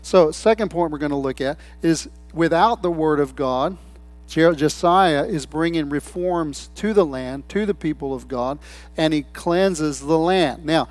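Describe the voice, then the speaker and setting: A man's voice: a little high, unhurried. A man preaching a sermon in a loose, conversational way, telling stories and quoting people in different voices. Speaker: pastor.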